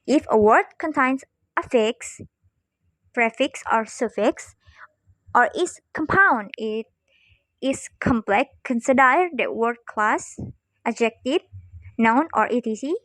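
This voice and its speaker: A woman's voice: on the high side, lively intonation, a bit bright, dry recording. Young woman reading a phonetics lesson aloud. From Indonesia. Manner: careful, halting reading with small slips. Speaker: student presenter.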